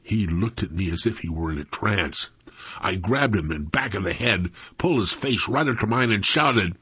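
A man narrating a first-person story with an expressive, dramatic delivery. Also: deep voice, normal speed, slightly rough, dry recording, dull audio.

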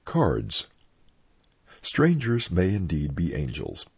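Gravelly deep-voiced older clergyman storyteller. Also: huge pitch swings, dry recording. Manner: plain unhurried storytelling. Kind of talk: reading personal anecdotes aloud. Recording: dull lo-fi dry recording.

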